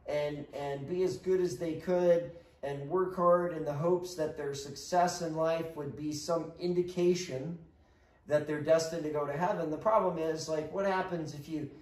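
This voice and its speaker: Chatty male history teacher, slightly high voice. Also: fairly even intonation, moderate pace, darkish tone. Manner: conversational, checks in with frequent "right?". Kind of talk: casual co-taught history lesson. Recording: roomy sound, mic at a distance.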